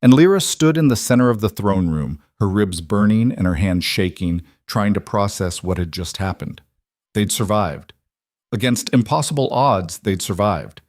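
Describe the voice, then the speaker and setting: A man narrating a scripted fantasy story in a dramatic, steady way. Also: on the low side, normal speed, no room sound, studio quality.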